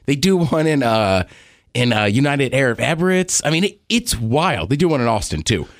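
A man's voice: mid-range voice, very animated, normal speed, dry recording, clean studio sound. A man co-hosting a podcast, eagerly explaining sports in a casual chat. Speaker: podcast co-host.

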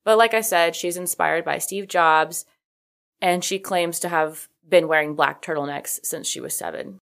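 A woman's voice: lowish voice, moderate pace, gravelly, fairly bright tone. A woman hosting a video, telling a story in a casual, chatty way with lots of "like" fillers, loose swearing and self-correcting asides. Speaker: video host.

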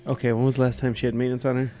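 A man plays in a tabletop game, peppering the others with nervous questions. His voice sits at a middle pitch, with faint music behind. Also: level tone, very fast, warm tone. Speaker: player. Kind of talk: casual game chat.

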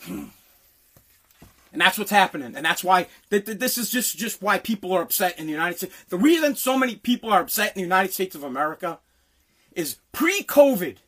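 A man ranting angrily, swearing constantly and often breaking into shouts. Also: high-pitched, sing-song, brisk. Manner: profane, heated, often shouting. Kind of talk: angry political rant.

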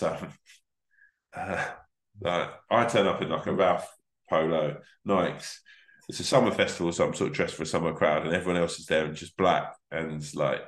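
A man's voice: sits low, echoey room. A man, a comedian guest, telling rambling, sweary stories in casual podcast chat. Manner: sweary, rambling anecdotes with restarts.

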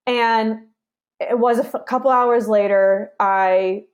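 A woman's voice: a little high, steady tone, slow. A young woman, an interview guest, telling a personal story in a casual way and acting out her side of past conversations.

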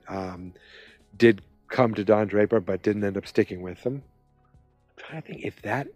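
Male podcast host, casual rambling recap delivery, mid pitch, dry recording with faint music. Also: darkish tone, no room sound. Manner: rambling, self-interrupting, conversational.

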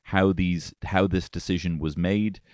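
Deep-voiced Irish man ranting irreverently. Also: fairly even intonation, measured pace, dry recording, studio quality. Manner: irreverent, profane, rambling jokey asides. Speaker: podcast host. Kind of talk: casual podcast chat.

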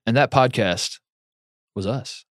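A man co-hosting a sports podcast, chatting in a loose, joking way with plenty of fillers. His voice is mid-pitched and sits close and dry on the mic, with no room sound. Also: slow, dry recording. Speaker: podcast co-host. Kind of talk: casual sports chat.

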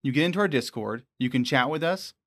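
A man co-hosting a casual podcast, talking in a relaxed, laid-back way. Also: mid-range voice, quick pace. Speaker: podcast co-host. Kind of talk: casual chat.

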